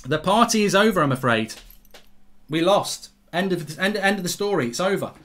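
A man's voice: high voice, lively intonation, a little fast, a bit bright. A middle-aged English man giving a blunt, sweary live reaction to a football match.

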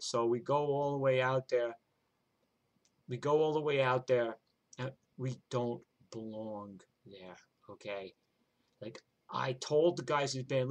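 A man's voice: mid-range voice, steady tone, measured pace. An older man with a New York accent telling a rambling, profane story from his own life in a streetwise way. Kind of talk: live personal storytelling.

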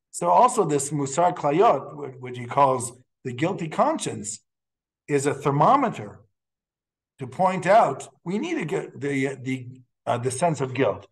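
A man teaching as a rabbi in a lecture, talking in halting phrases with frequent restarts and telling stories with quiet laughs. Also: fairly high pitch. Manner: storytelling with laughs and Hebrew quotes. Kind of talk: classroom lecture.

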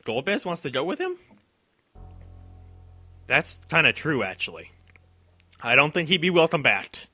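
A man giving excited commentary over a video game playthrough, cheering at the big moments and talking to the characters. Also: fairly high pitch, a little slow, long pauses, breathy edge, no room sound, soft background music. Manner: talks to himself and to the characters. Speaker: let's play host.

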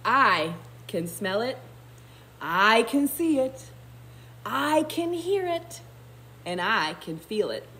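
A woman voicing a calm, contented male lion in a storybook read-aloud, slow and purring. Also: fairly high pitch, a little hiss or hum, heavily acted.

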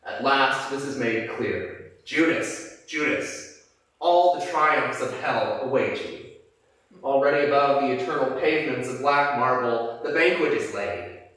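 A man preacher reading aloud the lines of a gloating male Satan, ruler of hell, in a steady voice. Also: medium pitch, measured pace, lightly acted. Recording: echoey church from a distance.

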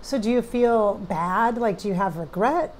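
A psychic medium in middle age chats directly with viewers during a channeling session, casual and emotional throughout. She speaks unhurriedly in a slightly mellow mid-range voice, with a little hiss or hum in the audio.

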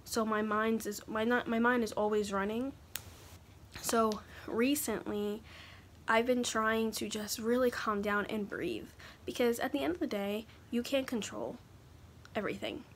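A young woman talking haltingly in a personal confessional vlog, pausing often to collect her thoughts. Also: a little high, slight background noise. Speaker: vlogger.

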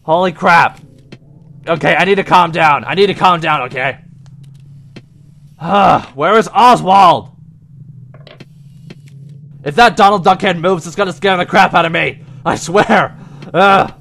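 A young man commenting on a horror game as he plays, excitable and easily startled into yelps. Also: fairly high pitch, moderate pace, gravelly, pauses often. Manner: excitable and jumpy, yelps and shouts at scares. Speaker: gaming video host. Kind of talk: let's play commentary.

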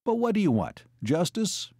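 A man reading an audiobook, voicing a calm, even-tempered army captain who speaks mildly and courteously. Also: high voice, moderate pace, slightly rough, no room sound, clean studio sound, voice pushed up, heavily acted.

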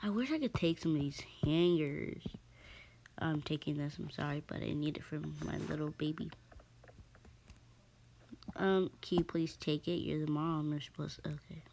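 A woman's voice: deep voice, moderate pace, pauses often, darkish tone, a little hiss or hum. A woman hosting a casual game-play video, chatty and rambling, full of ums and asides to her viewers, and slightly out of breath. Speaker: gaming channel host.

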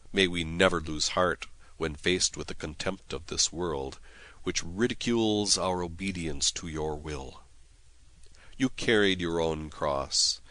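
A priest reads prayers and scripture with solemn, measured care, in a very low voice that moves slowly. His tone is bright and clear. The sound is dry and close, with no room behind it. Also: dry recording. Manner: solemn, measured reading with Latin chant-like prayers. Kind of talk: devotional reading of prayers and scripture.

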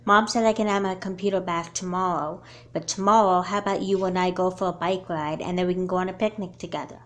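In a home-made doll movie, a woman voices a young girl hooked on her laptop, speaking in a low-set, natural voice. When she panics, her voice jumps up high and loud. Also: fairly even intonation, quick pace, natural voice. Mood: apologetic.

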